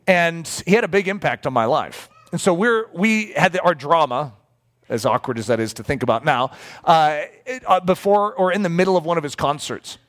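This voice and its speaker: Animated middle-aged male preacher. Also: fairly high pitch. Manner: animated, breaks into lively acted-out quotes. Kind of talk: storytelling sermon.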